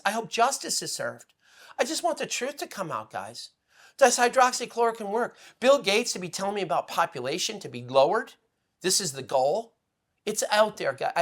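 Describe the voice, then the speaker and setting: A man speaking as a guest on a political talk show, emotional and rambling, swinging between loud outbursts and hushed asides. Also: sits high. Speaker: guest commentator. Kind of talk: impassioned political commentary.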